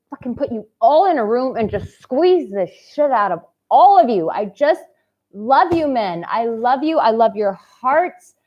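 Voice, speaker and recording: A woman dating coach giving a heartfelt motivational vlog talk, swinging from hushed tenderness to loud, exuberant outbursts and swearing casually. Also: fairly high pitch, animated, a little slow, lo-fi sound.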